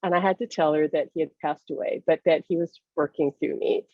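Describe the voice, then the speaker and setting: Speaking in a deep voice at a slightly fast clip, this psychic medium guest tells her own stories with energy. She laughs a lot and performs the conversations she describes, all captured without echo in phone-like audio.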